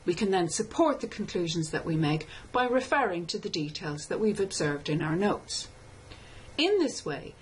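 A woman lecturer giving a scripted tutorial, explaining step by step in a measured way and reading lines of verse slowly. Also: mid-range voice, big pitch swings, breathy edge, low-quality recording. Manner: measured, explanatory, reads poem aloud slowly. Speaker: literature lecturer.

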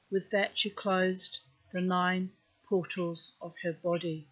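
A woman storyteller reading a myth aloud outdoors in a calm, unhurried way. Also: fairly low pitch, husky. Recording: dull lo-fi recording.

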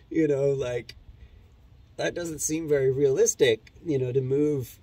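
Slow, rambling man telling a story. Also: mid-range voice, dark tone, slight background noise. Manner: recounts conversations, many fillers, slow and rambling. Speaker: commentator. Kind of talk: casual storytelling monologue.

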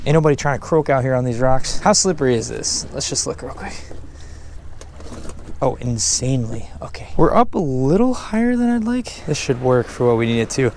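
A man filming a casual fishing vlog outdoors on a beach and jetty, talking in an excitable, slangy way and exclaiming often. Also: mid-range voice, fairly quick, a little hiss or hum. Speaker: fishing vlogger.

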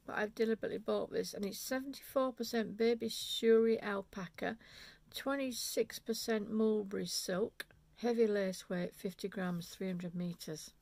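In a dry recording, a woman with a medium-pitched, gravelly and slightly mellow voice talks at a moderate pace. She's a knitting vlogger showing off yarn in an unscripted video, chatting with enthusiasm, rambling and cutting herself off.

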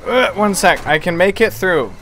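A man's voice: sits high, expressive, moderate pace, fairly bright tone, slight background noise. A young man giving jokey, self-mocking let's play commentary, laughing often. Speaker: gameplay commentator.

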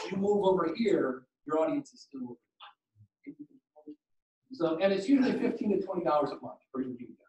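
A man giving a podcasting workshop to a live audience, animated and jokey, acting out quoted exchanges. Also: high-pitched. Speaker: workshop presenter. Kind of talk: conference talk with slides and Q and A. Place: conference room. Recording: roomy, distant room mic.

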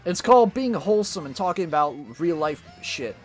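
A man's voice: high voice, expressive, a little fast. A young man streaming a racing game with friends, chatting casually and laughing often. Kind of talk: casual gaming chat with friends. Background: game music.

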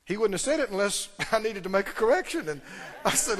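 A man's voice: high-pitched, expressive, quick pace, fairly bright tone, big-room sound. A man preaching a sermon, emphatic, repeating key phrases and putting questions to the congregation. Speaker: pastor.

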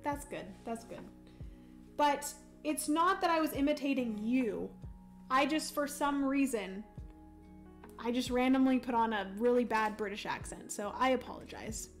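A young woman livestreams herself playing a solo board game, reading out viewer comments and walking through the rules with lots of ums in casual chat. Her voice is a little high and a little slow, with faint background music.

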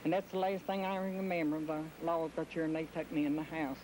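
A woman's voice: sits low, flat delivery, brisk, a little mellow, slight background noise, rough recording. An older woman with an Appalachian accent giving a blunt, plain-spoken account. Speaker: interviewee. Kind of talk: plain first-person account.

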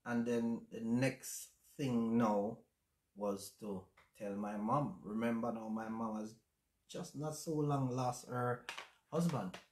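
A man with a Jamaican accent hosting a casual livestream chat, speaking in a reflective, halting way with many fillers. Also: mid-range voice, fairly even intonation, darkish tone. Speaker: channel host. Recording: roomy echo.

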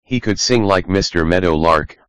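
A man's voice: low-pitched, normal speed, clean tone, no room sound, close to an everyday voice. A man reading the part of a teasing, easygoing male skunk who tells stories. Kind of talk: audiobook reading.

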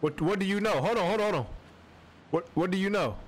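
Fast-talking and high-voiced, this young streamer commentates a horror game while addressing the character in it. His delivery is animated, jumpy and slangy.

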